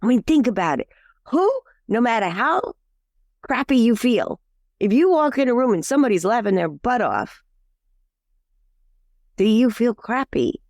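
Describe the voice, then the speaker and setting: A woman's voice: a little high, a little slow, long pauses, no echo, studio quality. A woman life coach, a podcast guest, talking in a chatty way with fillers and restarts, acting out the quotes in her stories. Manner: lively storyteller who acts out quotes. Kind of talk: casual interview talk.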